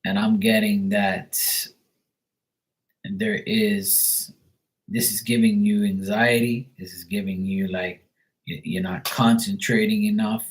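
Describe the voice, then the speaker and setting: A young man hosting a live tarot reading, his voice sitting a little low. He chats in a relaxed, profane way, drifting into stories and laughing between readings for his viewers. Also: takes it slowly. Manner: loose, profane, chatty, laughs often. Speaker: tarot reader. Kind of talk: casual livestream tarot reading.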